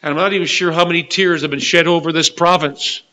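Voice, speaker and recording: A man preaching a sermon with passion, rising to loud, high peaks and dropping to hushed, slow lows. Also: fairly even intonation, rough recording. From Canada.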